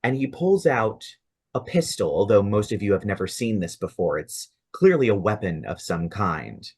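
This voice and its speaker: A man running a tabletop role-playing game as game master, narrating scenes in a descriptive, measured way. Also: lowish voice, big pitch swings, a little mellow, breathy edge.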